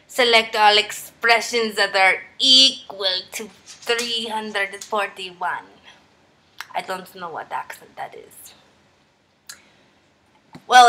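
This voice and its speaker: A young woman, a third-grade math teacher, walking through problems step by step in an upbeat, encouraging way. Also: a little high. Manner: upbeat, encouraging, walks through steps aloud. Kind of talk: screen-recorded math tutorial.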